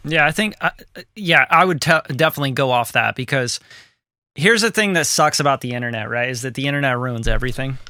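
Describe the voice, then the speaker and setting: Bright, lively podcast co-host man. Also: medium pitch, fast, no room sound, studio quality. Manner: animated, swearing, quotes people in put-on voices. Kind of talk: casual podcast chat. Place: home studio room.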